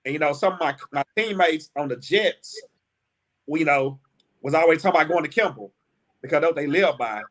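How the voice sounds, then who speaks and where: Houston guy hosting a sports chat, voice sits a bit high, talks loose and chatty. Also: animated, a little fast. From Houston, Texas. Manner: chatty, leads the segments. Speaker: sports show host. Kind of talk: casual sports talk.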